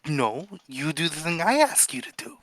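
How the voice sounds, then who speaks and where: A man's voice: fairly high pitch, big pitch swings. A man doing a flamboyant old seer. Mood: petulant. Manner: theatrical, drawn-out, dropping to a hush. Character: flamboyant eccentric old male seer, theatrical and sly.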